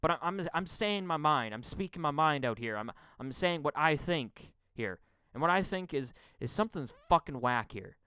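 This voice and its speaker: A man's voice: fairly high pitch, expressive, normal speed, smooth, no echo. Stammering, heated man ranting. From Canada. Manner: profane, stammering, repeats words when heated; shifts between loud outbursts and muttering. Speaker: podcast host. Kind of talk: angry political rant.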